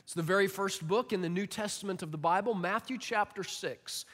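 High-voiced male pastor preaching in a reverberant hall. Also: fairly quick. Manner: animated, emphatic storytelling with acted-out quotes. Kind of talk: sermon. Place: church auditorium. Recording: long reverb of a large hall.

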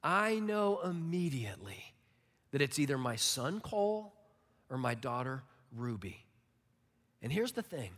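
A pastor in his forties preaching a sermon, animated and emphatic, acting out little stories. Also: medium pitch, unhurried, long pauses. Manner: animated, emphatic storytelling with acted-out quotes. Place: church auditorium. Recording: long reverb of a large hall.

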